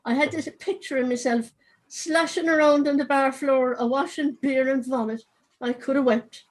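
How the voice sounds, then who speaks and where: A woman's voice: high-pitched, steady tone, moderate pace, voice pushed up, close to an everyday voice, poor audio. A woman with a Cork accent reading aloud from her novel as a dead man who narrates wryly from his urn, over a video call. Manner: wry, chatty storytelling.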